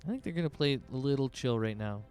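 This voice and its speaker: A man's voice: medium pitch, lively intonation, fast talker, a little mellow, clean tone, soft background music. A man narrating as game master in a loose, rambling way, with lots of fillers.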